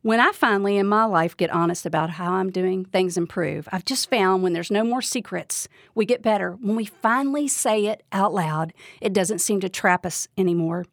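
In studio-quality audio with no room sound, a woman delivers a devotional Bible teaching. Her mid-range voice keeps a moderate pace with few pauses, and she speaks earnestly, putting direct questions to the listener.

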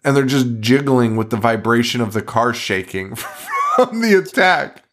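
Podcast host, a man in a mid-pitched voice, recaps a film with profane, incredulous laughter. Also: a little slow, fairly bright tone. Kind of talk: casual movie recap chat.

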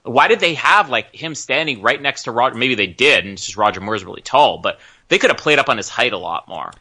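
A man's voice: medium pitch, lively intonation, brisk, bright, forceful tone, slightly rough. A man co-hosting a podcast, talking casually and bluntly through a film commentary with lots of laughing. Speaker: podcast co-host.

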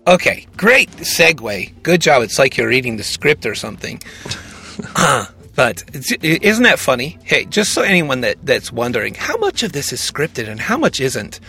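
A man co-hosting a podcast in casual chat, joking and animated, poking fun at himself as he sets up a call. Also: mid-range voice, normal speed, vocal fry. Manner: joking, animated, self-mocking. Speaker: podcast co-host introducing calls.

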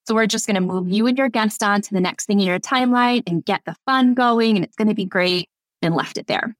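A woman's voice: mid-range voice, brisk, no echo. A woman wedding officiant, a podcast guest, telling stories in casual chat and laughing often. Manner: warm storyteller, laughs often.

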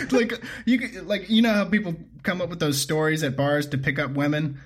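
Casual podcast co-host, man, slightly high voice, laughs a lot between lines. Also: steady tone, moderate pace. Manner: laughs often, reads out steps. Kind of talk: casual chat.

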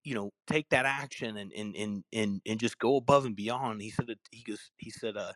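A man's voice: lowish voice, normal speed, fairly bright tone, no echo. A man telling a casual anecdote, acting out both sides of phone calls with many restarts and repeated words. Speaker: speaker telling a customer-service story.

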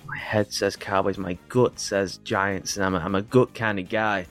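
A man co-hosting a podcast, answering quiz questions and thinking out loud in an animated way. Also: on the low side, normal speed, soft background music. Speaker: podcast co-host. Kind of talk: casual podcast game show.

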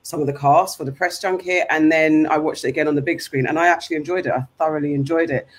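Upbeat man with a higher voice. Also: steady tone, quick pace. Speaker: podcast co-host and entertainment journalist. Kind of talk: casual chat.

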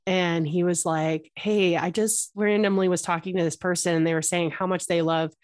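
A woman's voice: fairly low pitch, fairly even intonation, moderate pace, no echo, clean studio sound. A woman co-hosting a podcast, chatting casually and telling candid personal stories with laughter. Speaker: podcast co-host. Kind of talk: casual chat.

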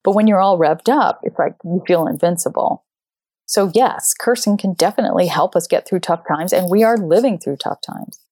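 A woman in her thirties or forties telling a personal story and talking it through, animated and acting out quotes with sudden jumps in pitch. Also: moderate pace, no echo. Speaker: speaker.

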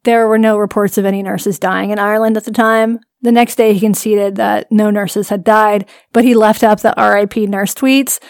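A woman's voice: mid-range voice, flat delivery, normal speed, hardly any pauses, a little mellow, no echo, studio quality. A woman co-hosting a podcast, recounting a story in a wry, casual way and laughing often. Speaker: podcast co-host. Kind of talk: casual chat.

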